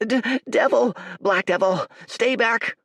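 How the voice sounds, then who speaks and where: A man voicing a frightened, hostile young village boy who shouts accusations. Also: lively intonation, slow, no room sound, heavily acted. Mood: terrified. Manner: shrill, panicky, accusing.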